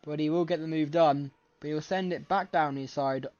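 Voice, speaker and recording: A man giving live race commentary from home late at night, excitable and often correcting himself mid-sentence, with a scratchy throat. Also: a little high, brisk. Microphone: desk microphone. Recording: slightly muffled lo-fi mic.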